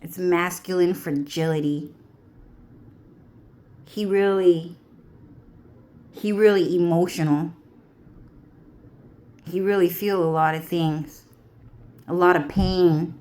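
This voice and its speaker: A woman's voice: fairly low pitch, fairly even intonation, slow, pauses often, darkish tone. A woman talking to her viewers in a rambling, profane monologue that keeps circling back on itself. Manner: profane, repetitive, drawling. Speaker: vlogger.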